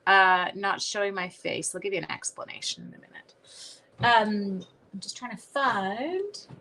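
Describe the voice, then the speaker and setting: Bright-voiced chatty woman craft host. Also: mid-range voice, a little slow. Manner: chatty, greets viewers by name, self-correcting. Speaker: stamping class host. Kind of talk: live-streamed craft class chat. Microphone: phone.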